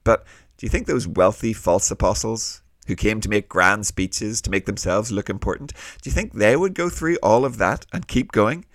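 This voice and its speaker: A man's voice: lowish voice, normal speed, dry recording, studio quality. A man hosting a children's Bible lesson, explaining in a friendly way with questions. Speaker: host.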